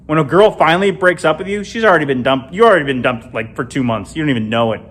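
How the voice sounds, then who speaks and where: A middle-aged man from Illinois performs an animated stand-up set alone in an empty comedy club, talking fast with punchy delivery and big leaps in pitch.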